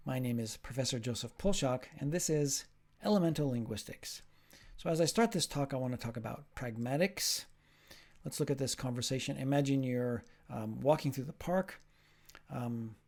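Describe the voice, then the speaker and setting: A man at an ordinary middle pitch gives a recorded lecture as a linguistics professor. He explains each point patiently and step by step, and acts out the example exchanges he uses. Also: a little mellow.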